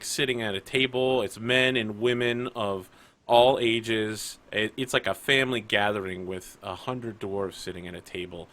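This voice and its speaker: A man's voice: lowish voice, fairly bright tone. Man loosely narrating a tabletop scene. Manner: loose, searching, full of "like". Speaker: game player narrating a scene.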